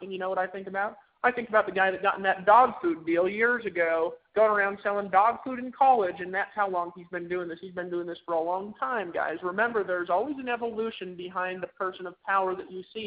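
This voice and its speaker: High gravelly guy pumping up a team, tinny phone-line sound. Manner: emphatic, repetitive, preachy exhortation. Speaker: motivational speaker on a conference call. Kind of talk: motivational pep talk.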